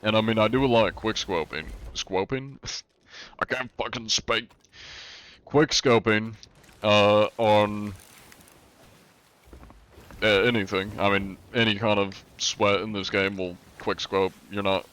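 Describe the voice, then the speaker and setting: A man's voice: lowish voice, measured pace, fairly bright tone, slight background noise. A young man streaming a game live, rambling casually, swearing often and laughing at his own tongue slips.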